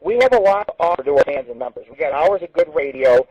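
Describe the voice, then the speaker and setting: A man's voice: on the high side, animated, fast, darkish tone, slightly rough, no echo, low-quality recording. A man hosting an internet radio show, talking in a rambling, self-promoting showman patter. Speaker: radio host. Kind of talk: casual internet radio talk.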